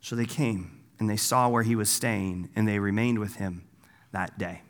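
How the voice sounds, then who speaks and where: A man giving a sermon in a casual, animated way, often breaking off with asides and acting out the people in the story. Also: lowish voice, normal speed. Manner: casual, animated, acts out voices with asides and "right?". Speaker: pastor. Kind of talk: conversational sermon. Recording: long hall reverb.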